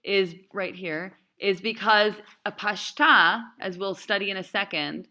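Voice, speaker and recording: A woman cantor teaching a class, speaking in a lively, emphatic way and chanting the names of the marks. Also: mid-range voice, measured pace, hardly any pauses. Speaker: cantor teaching Torah reading.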